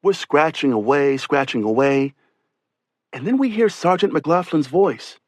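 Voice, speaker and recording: A man's voice: fairly high pitch, expressive, a little slow, no room sound. A man narrating an oral history audiobook, telling a rescuer's account in first person with a conversational delivery. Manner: voices witness testimony in first person, conversational.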